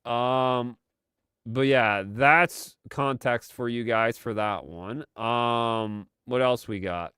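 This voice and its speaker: Male stream host, slow and sarcastic, smooth clear voice, dry close sound. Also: mid-range voice, bright, forceful tone, no room sound. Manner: sarcastic, exasperated. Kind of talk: live commentary stream.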